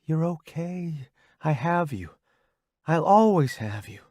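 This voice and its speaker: A man voicing a tender young woman who softly comforts her partner, in an audiobook. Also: sits high, moderate pace, no room sound, clean studio sound, voice pushed up. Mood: soothing. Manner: soft, gentle. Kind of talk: audiobook character voice.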